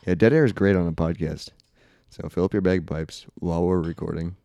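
A man's voice: low voice, fairly even intonation, fairly quick, dark tone, no room sound. A man co-hosting a casual podcast, joking around with a wry, teasing manner. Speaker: podcast co-host.

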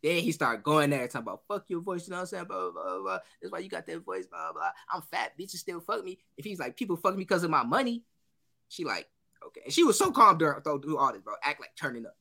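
A man's voice: fairly high pitch, fast, vocal fry. A man co-hosting a casual podcast, telling a story with acted-out quotes and frequent laughter. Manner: animated storytelling, acts out quotes, laughs often. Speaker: podcast co-host.

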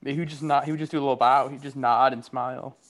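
A laid-back man in casual podcast banter, at a middle pitch. He talks loosely and laughs easily. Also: steady tone, fast talker, a bit bright. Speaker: podcast co-host. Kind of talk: casual comedic chat.

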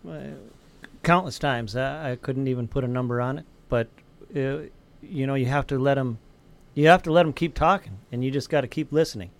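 Male guest, mid-pitched, calm and advice-giving, relaxed. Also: fairly quick. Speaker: guest mentor. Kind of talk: casual round-table talk.

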